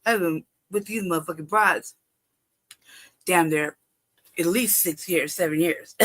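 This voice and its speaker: A woman's voice: fairly low pitch, measured pace, pauses often. A woman hosting a live stream, telling a personal story in casual, profane talk, often laughing and acting out past exchanges. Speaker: livestream host.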